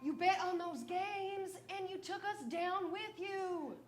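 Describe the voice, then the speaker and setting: A woman's voice: very high-pitched, takes it slowly, soft background music. A woman performing improv with dry, hesitant lines. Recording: echoey stage with crowd noise.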